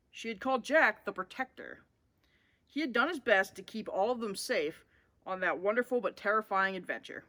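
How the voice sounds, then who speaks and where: A woman reading a children's storybook aloud in an expressive way, as the show's host. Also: medium pitch.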